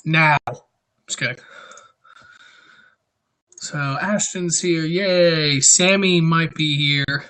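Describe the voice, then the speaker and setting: A man's voice: fairly high pitch, slow pace, pauses often, bright, forceful tone. A young man hosting a casual livestream, greeting viewers by name and joking around. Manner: chatty, greets viewers, jokey. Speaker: livestream host.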